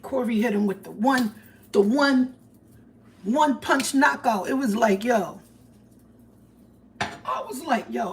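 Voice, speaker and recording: A woman with tells a story on her livestream in an animated, profane way. Her voice sits a little high, and she acts out each person she quotes. Faint background noise hums under her. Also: measured pace, pauses often, low-quality recording. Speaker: livestream host. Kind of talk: casual storytelling.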